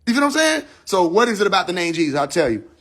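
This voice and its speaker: High-pitched man preaching on a live stream. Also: sing-song, racing, fairly bright tone. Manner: preachy, rhetorical questions, swings from high emphatic lines to low asides; casual speech with slang and profanity. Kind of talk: spiritual teaching on a live stream.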